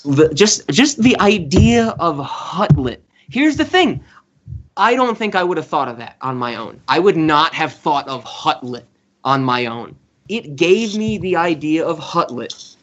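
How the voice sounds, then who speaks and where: Animated podcast dude, voice jumps all over, kinda muffled lo-fi audio. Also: male voice, on the high side, a little slow. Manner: excitable, laughs a lot, swears freely. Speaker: podcast co-host. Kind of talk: casual film review chat.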